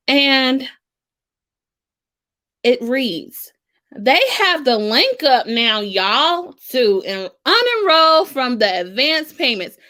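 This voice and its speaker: A woman from the States, hosting a casual financial advice vlog in a sassy, animated manner. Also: on the high side, slow. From Southern United States. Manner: animated and sassy, with frequent "okay?" check-ins. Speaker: financial coach and channel host.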